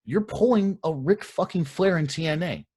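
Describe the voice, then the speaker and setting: A man's voice: fairly high pitch, moderate pace, darkish tone, breathy edge. A young man co-hosting a casual talk show, ranting with heat and plenty of swearing. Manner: heated, profane ranting. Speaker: podcast co-host.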